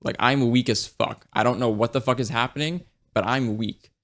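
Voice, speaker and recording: A man's voice: medium pitch, fairly even intonation, normal speed, a bit bright. A man talking casually and enthusiastically about books, swearing freely and dropping lots of "like" and "right?" as he goes. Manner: frequent fillers and tag questions. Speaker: book reviewer. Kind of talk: casual chat.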